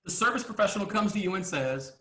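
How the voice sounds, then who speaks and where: A man giving a motivational business coaching talk, emphatic, asking rhetorical questions and often clearing his throat. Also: high-pitched, lively intonation, fast, sharp tone, echoey room.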